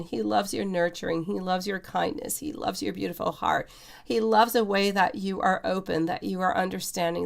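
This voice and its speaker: Lady doing live tarot readings, calls everyone sweetie, some fry in her voice. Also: on the low side. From Quebec, Canada. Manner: chatty, keeps calling viewers sweetie. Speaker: tarot reader.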